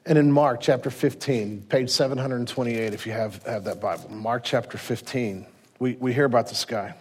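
A man's voice: mid-range voice, normal speed, a little mellow, slightly rough. A man preaching a sermon in a church, telling stories animatedly with frequent restarts. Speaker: pastor.

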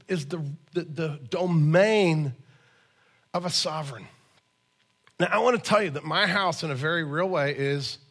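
A man's voice: a little high, sharp tone. A man in his forties preaching a sermon in a conversational, storytelling way, with emphatic asides. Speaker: pastor.

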